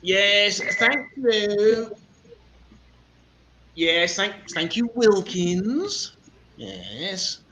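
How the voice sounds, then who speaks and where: A man putting on the voice of a pompous, stern male schoolteacher who speaks in a haughty, slow and clipped way. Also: fairly high pitch, fairly bright tone, slight background noise, voice pushed up, exaggerated voice.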